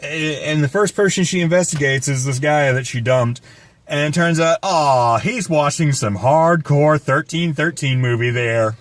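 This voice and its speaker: A man giving a casual movie review, ranting with profanity and sarcasm. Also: fairly high pitch. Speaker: guest film reviewer.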